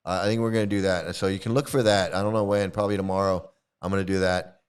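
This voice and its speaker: Speaking fast in a low-pitched, steady, clean voice, the middle-aged host, a former devotee turned commentary video maker, wanders through a casual story. He chuckles, restarts frequently and mimics the people he quotes.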